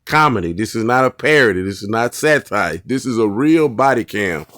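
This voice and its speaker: A man's voice: lowish voice, animated, normal speed, very noisy. A male host giving casual commentary on bodycam footage, earnest and repetitive, often restarting his sentences.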